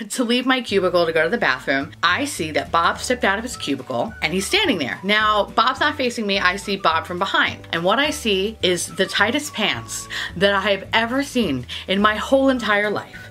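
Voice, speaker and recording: New York woman vlogger, animated storyteller, bright tone, lots of cursing and laughter. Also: medium pitch. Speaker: beauty vlogger. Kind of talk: casual storytelling.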